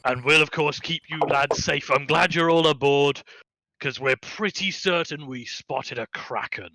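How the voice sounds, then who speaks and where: A man doing a booming jolly sea captain. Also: pushed and bright, no room sound, poor audio. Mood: jovial. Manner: booming, slow, hearty. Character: jovial loud fat male ship captain.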